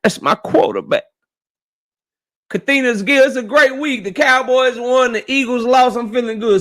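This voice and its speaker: A man, hosting a live stream. He runs through a long list of viewer shout-outs in loose, slangy chat, easy and unhurried. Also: very high-pitched. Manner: laid-back, slangy, greets viewers one by one. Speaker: livestream host.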